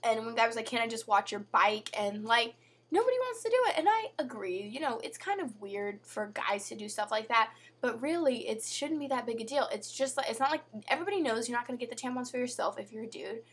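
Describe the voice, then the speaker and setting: A young woman talks casually to her camera, chatty and packed with fillers like "like" and "you know." Her fairly high voice is husky and turning hoarse. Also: expressive, fast talker. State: voice going hoarse. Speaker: vlogger.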